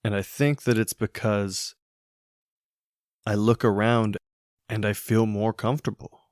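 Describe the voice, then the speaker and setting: Man, solo podcast host, low voice, slow unhurried delivery, musing, hesitant, dry close sound. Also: level tone, a little mellow, no room sound. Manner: musing, hesitant, with fillers and restarts. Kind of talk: reflective solo podcast monologue.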